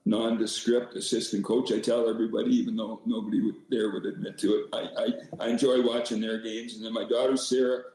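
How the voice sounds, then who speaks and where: An older man, once a hockey coach, tells rambling, self-deprecating stories as a podcast guest, restarting often. His voice is lowish and warm, captured in a very echoey, low-quality recording.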